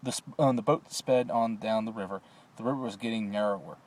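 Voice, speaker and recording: A man's voice: fairly low pitch, fairly quick, a little mellow. A man recording a class assignment on a phone, hesitant with many filler sounds, then reading a story aloud. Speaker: student.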